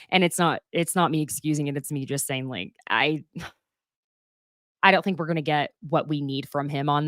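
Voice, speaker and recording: Woman, young adult, live-stream host, low voice, dry close sound, rambling and laughing. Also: fairly bright tone, no echo. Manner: chatty, rambling, laughs often. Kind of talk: casual live-stream chat.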